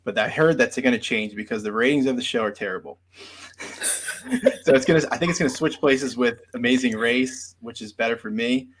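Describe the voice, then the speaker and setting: A man's voice: medium pitch, a little fast, a bit bright, slight background noise. A man, a podcast guest, chatting casually about a reality show, rambling with lots of fillers and restarts. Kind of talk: casual chat.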